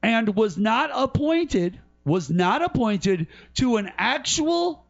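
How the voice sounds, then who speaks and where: A man hosting a podcast, giving casual, mocking political commentary in an animated way. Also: very high-pitched, takes it slowly, vocal fry. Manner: ranting, mocking, animated storytelling. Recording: dull lo-fi podcast audio.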